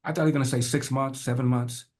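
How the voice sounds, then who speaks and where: An older man, a podcast guest, telling a personal family story with animated, rhythmic repetition. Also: mid-range voice, fast. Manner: acts out family dialogue in changing voices.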